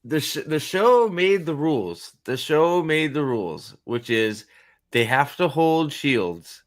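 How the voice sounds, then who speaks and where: A man's voice: on the high side, very animated, takes it slowly. A man hosting a casual reaction commentary, rambling, profane and sarcastic, with frequent restarts. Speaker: host.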